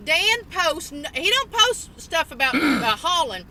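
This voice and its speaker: A woman's voice: very high-pitched, very animated, unhurried, pushed and bright, slight background noise. A woman, hosting a teasing, chatty conversation outdoors. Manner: chatty, teasing, laughs often. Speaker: host. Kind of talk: casual chat. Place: outdoors at a tiny home lot.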